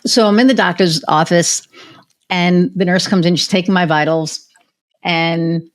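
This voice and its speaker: A woman hosting a podcast, telling stories in an animated, chatty way, with many fillers and restarts. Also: on the low side, unhurried. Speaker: podcast host. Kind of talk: casual conversational storytelling.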